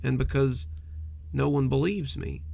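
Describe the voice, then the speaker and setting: A man voicing a nervous young boy trying to be brave, stammering a little, with a gravelly edge. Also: mid-range voice, unhurried, dark tone, no room sound. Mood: earnest.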